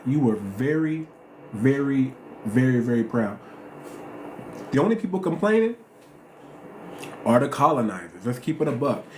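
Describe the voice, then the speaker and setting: A man hosts a casual live stream in slangy, emphatic talk, circling back to his points. His voice sits a little high for a man. The room rings with echo over a faint hiss. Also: darkish tone. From United States. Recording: roomy echo, faint noise.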